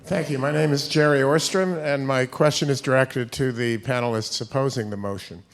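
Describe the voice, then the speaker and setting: A man from the audience asking the panel a formal question, deliberate and carefully worded. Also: medium pitch, slight background noise. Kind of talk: reading a question at a microphone.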